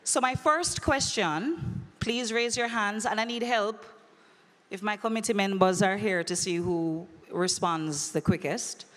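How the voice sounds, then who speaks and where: A woman's voice: medium pitch, a little slow, fairly bright tone. A woman hosting a live audience quiz at a conference, playful and teasing with a dramatic flair, on a handheld mic in a large hall. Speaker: conference emcee. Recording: echoey hall with long reverb.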